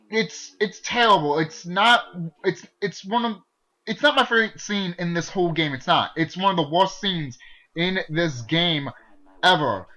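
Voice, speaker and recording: High, bright-voiced man ranting. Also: rough recording. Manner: exasperated, profane, restarts a lot. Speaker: gaming video creator. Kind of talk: ranting game commentary.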